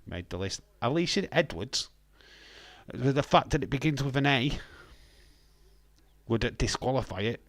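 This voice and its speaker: A man's voice: mid-range voice, lively intonation, moderate pace, pauses often, no echo. An English man, a young adult, hosting a casual live stream, joking and bantering with viewers in the chat. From England. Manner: jokey, banters with chat, bursts of laughter and loud exclamations.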